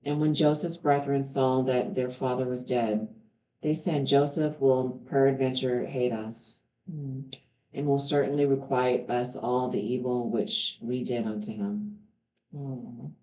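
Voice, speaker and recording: A woman's voice: rumbling low, little pitch movement, a little slow, dark tone. A woman reading scripture aloud and stopping now and then to add earnest, heartfelt comments of her own. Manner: earnest, stops to react with heartfelt remarks. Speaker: Bible reader. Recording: roomy, slightly dull home recording.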